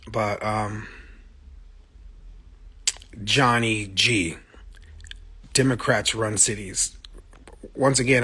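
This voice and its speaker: His voice sits on the low side, pushed and bright with a breathy edge. He's a musician streaming live from his phone in a casual monologue, blunt and profane, speaking with passion while answering fan comments as they appear.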